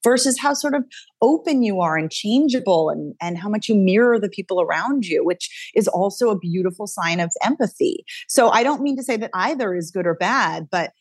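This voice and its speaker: A woman's voice: mid-range voice, a little fast, husky, dry recording. A woman with a mid-range voice talks with energy, circling her ideas and restarting phrases as she goes. The sound is close and dry, with no room around it. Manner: energetic, thinks aloud with restarts. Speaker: dialect coach guest. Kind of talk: casual interview chat.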